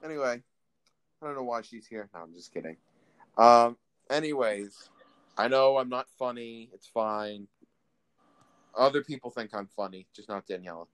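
A man's voice: mid-range voice, normal speed, fairly bright tone, smooth. A young man hosting a casual chat, teasing his guest and joking about himself. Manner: joking, self-deprecating. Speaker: host.

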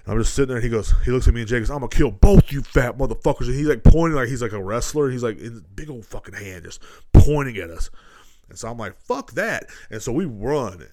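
A man's voice: medium pitch, lively intonation, quick pace, warm tone. A man, hosting a podcast and telling rambling, profane stories, laughing as he goes. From Texas. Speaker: podcast host. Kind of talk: casual storytelling.

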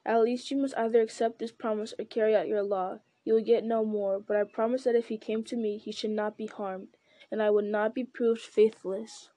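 A woman's voice: on the high side, level tone, normal speed, warm tone, no room sound, lightly acted. A woman voicing an earnest, courteous young male hobbit.

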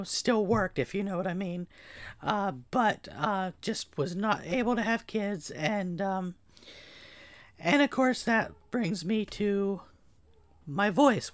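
A man whose voice stayed high and boyish talks slowly and earnestly to his camera, pausing often as he gathers his thoughts. The sound is dry and close, with no room echo. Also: fairly bright tone, clean tone. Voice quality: high, boyish voice that never deepened. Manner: halting and earnest, many pauses. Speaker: video creator. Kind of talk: personal vlog talk.

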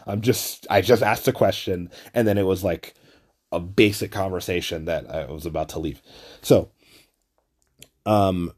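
A man hosting a podcast, telling a rambling, profane story with lots of fillers and restarts, acting out the people he quotes. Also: sits low. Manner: acts out quoted people in animated bursts. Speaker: podcast host. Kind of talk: casual storytelling monologue.

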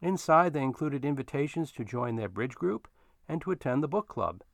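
A man narrating a story in an expressive storytelling manner. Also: mid-range voice, normal speed, creaky, no room sound, clean studio sound.

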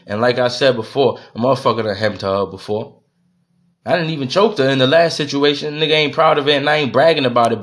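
NY-male podcaster, heated profane rant, middle-pitched voice. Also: a bit bright. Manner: profane, heated, repeats himself. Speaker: podcast host. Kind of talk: venting monologue.

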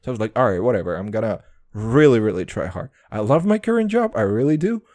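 A young man rants through his podcast monologue, swearing freely and poking fun at himself. His pitch leaps up and down all the time. The mic is close and dry, with no room sound at all. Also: very animated, fast, darkish tone, no room sound. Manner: profane, brash, self-mocking, calls listeners boys. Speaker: podcast host. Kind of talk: casual comedic monologue.

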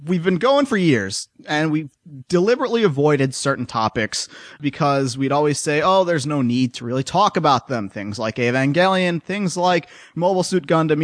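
A man's voice: fairly high pitch, dry recording, clean studio sound. A man hosting a podcast in casual chat, wry and joking. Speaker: podcast host.

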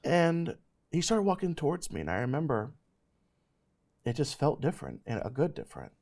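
A man in his thirties, host of a ministry show, telling a personal faith testimony in an animated, emphatic way. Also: on the high side, normal speed. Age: 30s.

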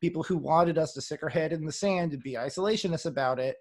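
A man's voice: fairly high pitch, fast talker. A man co-hosting a podcast, speaking earnestly and laughing easily. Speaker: podcast co-host. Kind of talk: casual chat.

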